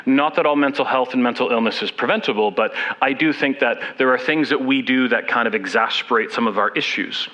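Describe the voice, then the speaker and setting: A man in his fifties, seated as a guest speaker at a church service, gives a candid, self-deprecating personal talk and acts out the people he quotes. His medium-pitched voice is pushed and bright, a little fast with few pauses, and the audio is dull.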